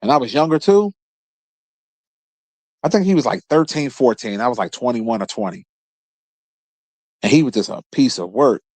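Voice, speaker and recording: A Philadelphia man in his thirties tells a story loosely and casually, swearing freely, and his pitch jumps up as he gets into it. His voice sits at a middle pitch for a man. The sound is dry and close, with no room around it. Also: moderate pace, pauses often, dry recording. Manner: profane, laughing storyteller, lively bursts of pitch. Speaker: podcast host.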